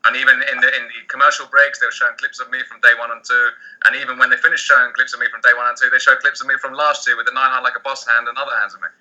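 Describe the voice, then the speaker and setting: A man, a poker player, answering interview questions in a rapid, animated way with many restarts. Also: mid-range voice, dull audio.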